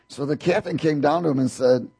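A man with a gravelly, dark voice and a breathy edge preaches a sermon at a normal speed, reading scripture aloud and explaining it. He often raises his pitch for the quoted speakers and laughs lightly.

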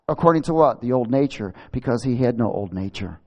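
A male preacher delivers an emphatic sermon, swinging between loud, pointed declarations and low, pressing asides. He keeps calling out to his listeners for a response, and his voice rings with a long reverb through a large hall. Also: expressive, fairly quick, few pauses. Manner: emphatic, calls for audience response.

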